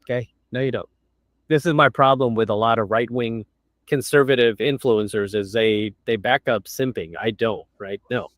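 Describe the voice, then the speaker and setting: A man hosting a casual livestream, telling stories bluntly and mimicking others in high, shrill voices. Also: steady tone, normal speed, no room sound, studio quality. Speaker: livestream host. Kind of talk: casual chat.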